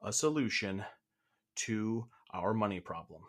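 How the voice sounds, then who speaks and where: A man's voice: lowish voice, expressive, measured pace, fairly bright tone. A young man co-hosting an improvised comedy podcast, rambling and laughing, often cutting himself off, a bit out of breath. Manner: rambling, self-interrupting, laughing. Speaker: co-host.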